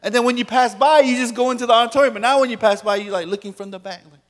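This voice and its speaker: A man's voice: extremely high pitch, racing. A man preaching as a pastor, joking with the audience and acting out quoted voices. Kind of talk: sermon. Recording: long reverb of a large hall.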